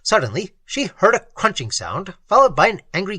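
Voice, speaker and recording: A narrator reading a vintage pulp tale aloud with expressive, story-led delivery. The voice is husky and swings widely in pitch. It sounds dry and close, with no room behind it. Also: normal speed, no room sound. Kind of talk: scripted narration.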